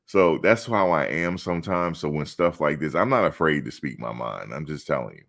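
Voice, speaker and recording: A man's voice: very deep voice, expressive, moderate pace, vocal fry, a bit bright. A man hosting a live stream, talking casually and bluntly, outspoken and swearing freely.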